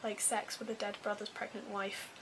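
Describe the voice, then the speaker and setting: Posh English woman with a flat delivery. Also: mid-range voice, moderate pace, noisy background. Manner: chatty, wry, self-deprecating. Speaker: book reviewer. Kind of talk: casual book review vlog.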